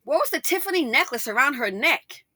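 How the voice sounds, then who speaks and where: A middle-aged woman hosting a casual commentary monologue, chatty and animated, full of asides and emphatic rhetorical questions. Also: high-pitched, a little fast, no echo, studio quality. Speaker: commentary channel host.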